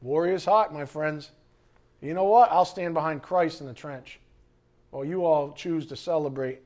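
A middle-aged man preaching a sermon as pastor, animated, acting out quoted voices and sometimes shouting. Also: a little high, measured pace.

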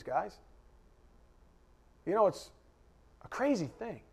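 Man, preacher, conversational sermon, emphatic, direct address, loud then soft, slightly high voice. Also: husky, muffled recording. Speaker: preacher teaching a Bible class.

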